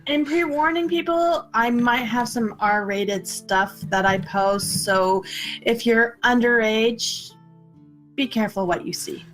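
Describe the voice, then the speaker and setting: A woman guest on a casual gaming podcast, chatty and quick to correct others. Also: fairly high pitch, fairly bright tone, faint music behind.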